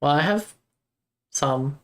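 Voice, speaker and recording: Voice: mid-range voice, animated, slow pace, fairly bright tone. A young adult, live-streaming game development and chatting casually with viewers while thinking aloud over code.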